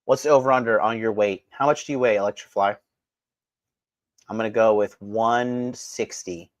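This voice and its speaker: A man's voice: fairly low pitch, fairly even intonation, moderate pace, no room sound. A man hosting a livestream, ranting bluntly and profanely while reading the chat. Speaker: dating coach and livestream host. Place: indoors in Japan.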